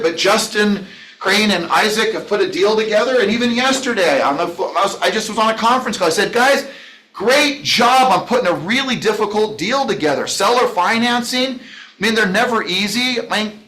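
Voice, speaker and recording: Leading a business training session, a man speaks in a high, sharp-toned voice. He gives an enthusiastic, rambling motivational talk, addressing listeners by name, and the training room is echoey.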